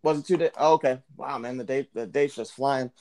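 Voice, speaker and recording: A man's voice: medium pitch, fairly quick, darkish tone, no echo. A man hosting a podcast in loose casual chat, rambling and profane with lots of fillers. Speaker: podcast host.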